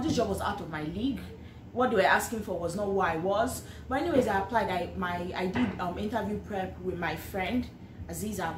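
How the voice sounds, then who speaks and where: A young adult woman vlogger with a Nigerian accent tells a personal story with faith reflection, chatty and earnest, often repeating and restarting phrases. Her voice is medium in pitch, with background noise and an echoey room with faint ambience.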